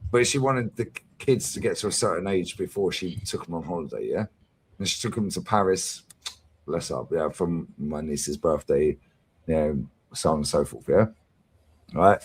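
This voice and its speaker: Hosting a fan talk stream, a man tells stories in casual chat packed with slang and swearing. His voice is low and slightly rough, at a moderate pace. The storytelling is lively.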